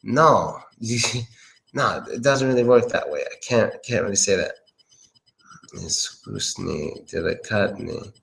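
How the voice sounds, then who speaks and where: A man's voice: mid-range voice, lively intonation, normal speed, a bit bright, poor audio. A man giving a casual pronunciation lesson, thinking aloud and often hesitating. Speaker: English pronunciation tutor.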